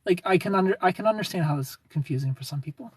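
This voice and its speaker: Husky-voiced livestreamer chatting with viewers. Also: medium pitch, expressive, very fast, dry recording. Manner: chatty and sarcastic, laughs often, answers viewers by name. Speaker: livestreamer reading chat. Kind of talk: casual livestream chat.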